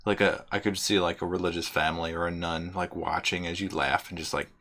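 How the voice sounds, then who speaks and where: A man's voice: deep voice, steady tone, brisk, bright, forceful tone. A man co-hosting a casual podcast chat, thinking aloud in a hesitant, musing way. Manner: musing, hesitant, lots of "like" fillers. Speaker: podcast co-host.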